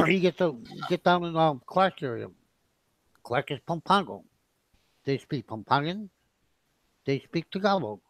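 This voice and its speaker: A man's voice: fairly high pitch, sing-song, a little slow, long pauses, no room sound, rough recording. A man from the United States in a casual group chat, talkative and insistent, often laughing.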